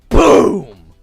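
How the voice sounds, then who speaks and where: A man voicing a smug male corporate executive who taunts fans. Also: no echo.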